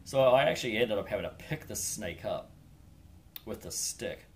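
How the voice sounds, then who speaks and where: Low-voiced New Zealand hiker rambling. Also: male voice, lively intonation, moderate pace, slight background noise. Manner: laid-back, rambling, wry. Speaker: hiker vlogger. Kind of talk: casual storytelling.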